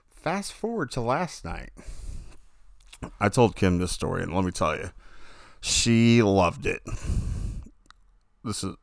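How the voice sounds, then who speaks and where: Deep-voiced man telling a dream story. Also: vocal fry, no room sound, clean studio sound. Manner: rambling, self-correcting, animated when telling dreams. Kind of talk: casual storytelling.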